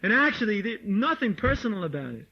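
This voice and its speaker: A man giving a lively, informal lecture to devotees, mimicking people and laughing as he talks, recorded on an old tape. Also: sits high, a little fast, gravelly, husky. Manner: animated, mimics voices, laughs often. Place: meditation hall or farmhouse room. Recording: dull lo-fi 1979 tape recording.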